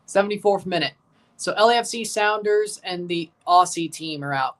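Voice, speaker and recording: A woman's voice: on the low side, normal speed, distant mic. A woman hosting a live match watchalong, chatting casually and calling the plays in short bursts.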